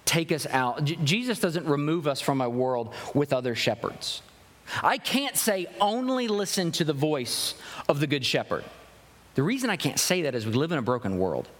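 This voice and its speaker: A man's voice: fairly high pitch, fairly bright tone. A young man preaching a sermon as pastor, earnest and full of rhetorical questions, often restarting his phrases. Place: church sanctuary. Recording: long hall reverb.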